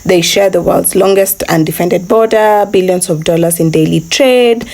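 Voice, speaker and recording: A woman's voice: lowish voice, moderate pace, darkish tone, slight background noise. A woman hosting a commentary channel, narrating from a script with frequent "uh"s and restarts, calling her viewers "family". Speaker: channel host.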